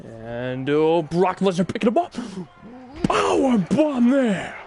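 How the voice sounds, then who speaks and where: A man doing excitable play-by-play commentary on a wrestling video game, often breaking into shouted exclamations. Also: high voice, slow. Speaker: gaming channel host.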